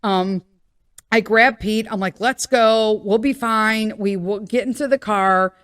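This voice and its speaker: A woman's voice: mid-range voice, unhurried, a bit bright, clear, resonant tone, no echo, clean studio sound. A middle-aged woman hosting a podcast, telling a casual story with many fillers and acting out the voices she quotes. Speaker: podcast host.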